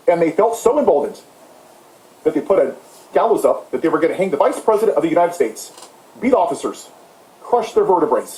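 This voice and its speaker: A man's voice: high-pitched, dark tone. Sarcastic ranting man, echoey room. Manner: sarcastic, mocking, heated. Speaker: political commentator. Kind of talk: impassioned ranting monologue.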